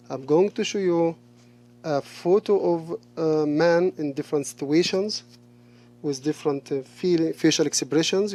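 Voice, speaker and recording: A male English teacher talking through a lesson, slowly repeating each answer and praising the replies. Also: on the high side, a little mellow. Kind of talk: recorded classroom lesson.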